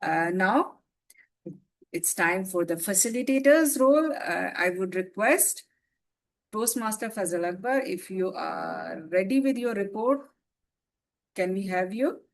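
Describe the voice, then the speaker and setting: A woman's voice: mid-range voice, expressive, a little slow, creaky. A woman hosting an online club meeting who thanks an evaluator and introduces the next role, with frequent fillers. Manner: hesitant with many fillers. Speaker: meeting host.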